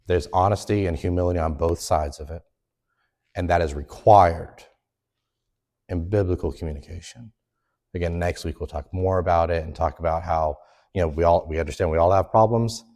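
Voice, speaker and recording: A man's voice: low voice, moderate pace, a little mellow. A man teaching a Sunday school lesson in an earnest, conversational way. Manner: earnest, conversational, acts out quoted complaints.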